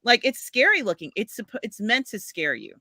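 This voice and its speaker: A woman's voice: on the high side, very animated, fairly quick, sharp tone, no echo, clean studio sound. A woman hosting a casual live stream, rambling with many fillers, often laughing as she talks. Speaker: podcast host.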